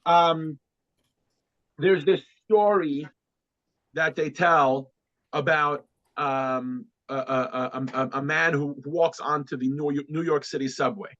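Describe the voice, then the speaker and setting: Male teacher with a high voice, lecturing and telling a story with many restarts; dry, muffled sound. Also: slow, dry recording. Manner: repeats words and restarts often, animated when quoting. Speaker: class teacher.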